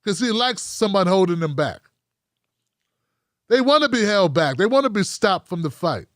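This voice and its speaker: High-voiced animated male call-in host. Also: moderate pace, dry recording, studio quality. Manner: animated, profane, jokey impressions. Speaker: host taking calls. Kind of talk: live call-in show rant.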